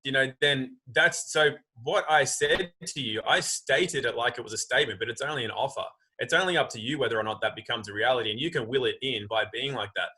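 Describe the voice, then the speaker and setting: A man's voice: mid-range voice, brisk, hardly any pauses, slightly rough, poor audio. A man guest talking emphatically on a video call, arguing his point at length. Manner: emphatic, animated, acts out quoted voices. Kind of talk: casual conversation.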